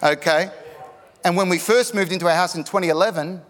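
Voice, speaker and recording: A middle-aged man with an Australian accent preaching a sermon, telling jokes and stories in an animated way and building to shouts at the high points. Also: fairly quick. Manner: animated, jokey, rising to shouts at climaxes. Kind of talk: sermon with storytelling. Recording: echoey hall.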